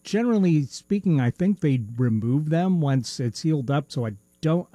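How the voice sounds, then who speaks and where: A man's voice: fairly high pitch, lively intonation, normal speed, warm tone, no echo. A male podcast co-host chatting casually, rambling through his story with plenty of ums and little laughs. His speech carries a slight lisp, and the recording is dry and close with no room sound. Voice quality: slight lisp from a missing tooth. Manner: rambling, hesitant with many fillers and laughs. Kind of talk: casual chat.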